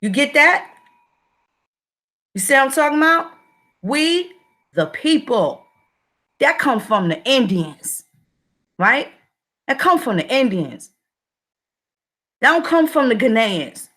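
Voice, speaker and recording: High-pitched woman ranting profanely. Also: big pitch swings, a little slow, long pauses, bright, forceful tone. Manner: profane, repetitive, confrontational. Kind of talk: livestream commentary.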